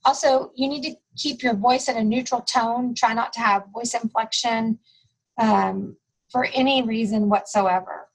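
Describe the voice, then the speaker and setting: A woman trainer goes page by page through a testing manual for school staff. Her voice sits a little high, and her delivery is steady and instructional. She stops now and then to repeat the rules that matter most. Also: a little slow, breathy edge, rough recording. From United States. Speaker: test administration trainer.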